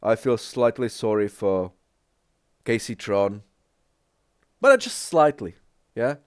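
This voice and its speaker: Slow, halting man reacting to videos. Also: lowish voice, expressive, clean tone, no echo, studio quality. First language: not English. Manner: halting, repeats words, asks "yeah?" often. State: sick. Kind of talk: casual reaction commentary.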